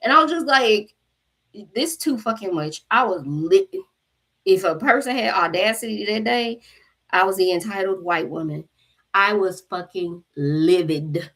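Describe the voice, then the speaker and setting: Husky woman ranting to her viewers, swears a lot, acts out everybody's lines, mid-pitched voice. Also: normal speed. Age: adult mother. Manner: animated, profane, acts out quotes. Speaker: spiritual channel host. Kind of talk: casual storytelling to viewers.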